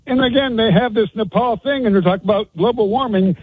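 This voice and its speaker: Indignant high-pitched male caller, tinny phone. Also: fast talker, breathy edge, no echo. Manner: indignant, listing grievances. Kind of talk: caller on talk radio.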